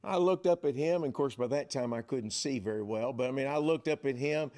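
A middle-aged man preaching a sermon as pastor, telling a story with lively, building emphasis. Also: mid-range voice, a little fast, hardly any pauses.

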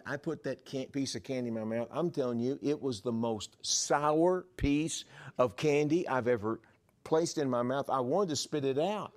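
Middle-aged male pastor, storytelling sermon, mid-pitched, rises in volume for emphasis. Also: a little mellow.

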